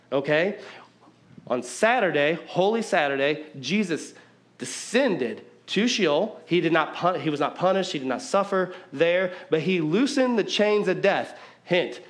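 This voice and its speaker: A man in his thirties preaching a casual sermon as pastor, talking conversationally with lots of "like" and jokey asides. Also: a little high. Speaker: pastor and youth basketball coach.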